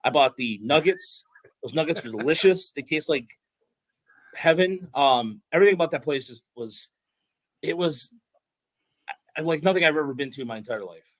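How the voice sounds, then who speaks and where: A man chatting on a sports podcast, his voice close and dry with no room sound. He wanders through stories full of restarts and gets animated when something excites him. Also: fairly high pitch, normal speed, pauses often, no echo, poor audio. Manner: rambling, many restarts and fillers, excited storytelling. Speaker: podcast host. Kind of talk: casual sports podcast chat.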